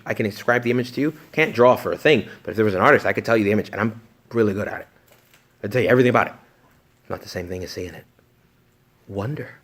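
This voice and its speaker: A man, a priest, giving a retreat talk to young adults, joking and animated one moment and hushed the next. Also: mid-range voice.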